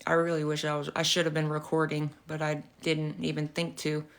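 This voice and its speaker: A young woman on a casual livestream with a slightly low voice. She tells her story with animated energy, curses freely and laughs often, sounding a little out of breath. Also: fairly quick. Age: young adult.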